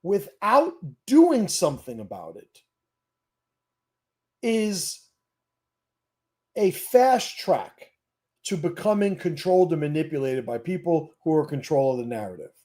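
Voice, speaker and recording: A man's voice: a little high, very animated, measured pace, long pauses, warm tone. Blunt, profane man hosting a stream. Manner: blunt, profane and emphatic, with repeated restarts. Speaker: host. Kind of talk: livestream Q&A monologue.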